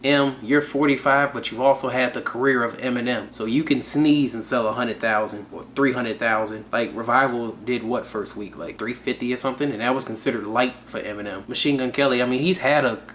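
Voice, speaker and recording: A man's voice: medium pitch, fairly even intonation, fairly quick, hardly any pauses, a bit bright, a little hiss or hum. A man hosting a casual song review, laid-back and slangy, chuckling often as he talks. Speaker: music reaction channel host. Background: hip hop track playing.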